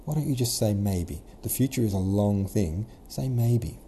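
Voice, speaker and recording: A flattering old prince drawls his sweet words slowly and deliberately, as a man puts him on. The voice is low, dark and mellow, with faint ambience behind it. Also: slight background noise. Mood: coaxing. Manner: slow, syrupy, flattering. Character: smooth, sentimental scheming old prince.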